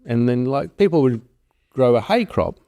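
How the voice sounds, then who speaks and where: A man's voice: mid-range voice, normal speed. A middle-aged man, telling stories in a rambling, casual way as a farm consultant in an interview. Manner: rambling, animated storyteller who acts out quoted voices.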